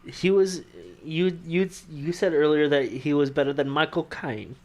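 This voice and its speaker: A man's voice: a little high, a little slow, a little mellow. A man co-hosting a casual movie podcast, laughing along and answering with short reactions. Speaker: podcast co-host.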